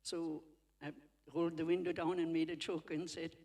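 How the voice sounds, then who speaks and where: A woman's voice: deep voice, flat delivery, normal speed, a little mellow. A woman from the congregation sharing a personal testimony at a church service. She speaks in a chatty, storytelling way, laughs often and acts out the dialogue. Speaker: congregation member giving testimony.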